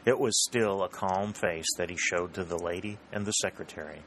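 A man narrating a historical novel in a steady, even storytelling manner. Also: low-pitched, moderate pace, slight background noise, rough recording. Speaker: audiobook narrator. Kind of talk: scripted narration.

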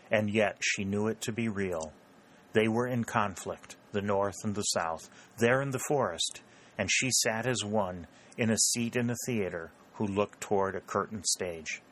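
Reading a novel aloud for an audiobook, this fairly low-pitched male narrator tells the story in a measured, even way.

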